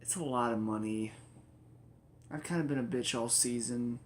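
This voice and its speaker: A man's voice: medium pitch, moderate pace, slight background noise, natural voice. A man voicing a petty, scheming woman police officer in his own everyday voice, sounding flippant and self-mocking.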